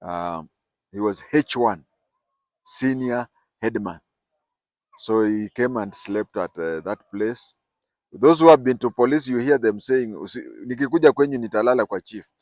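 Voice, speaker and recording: An older Kenyan man recounting his family history in an unhurried, digressive way. His voice sits fairly low, and he circles back, repeats phrases and fixes words as he goes. The sound is close and dry, with no room echo. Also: lively intonation, a little mellow. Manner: digressive, repeats and corrects himself mid-sentence. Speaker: family storyteller. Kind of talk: casual oral storytelling.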